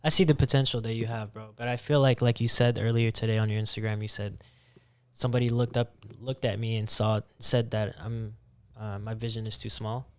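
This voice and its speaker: Young man as podcast guest, smooth and clear, supportive, soft-spoken, hesitant. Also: fairly low pitch, level tone, brisk. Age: young adult. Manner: supportive, hesitant, many restarts, often quiet. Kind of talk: casual chat.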